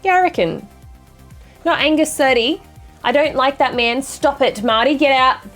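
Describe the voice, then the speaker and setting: A woman's voice: high voice, lively intonation, normal speed, a bit bright, faint music behind. A young woman streamer chatting casually with her viewers and reading chat aloud, with a dry, sarcastic sense of humor and sassy banter.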